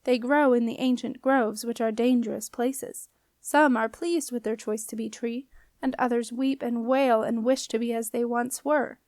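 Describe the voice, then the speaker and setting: A woman voicing a wise, calm old witch mother who talks slowly and cryptically in a storybook reading. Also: on the high side, no echo, studio quality, lightly acted. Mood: solemn. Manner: slow, solemn, cryptic speech.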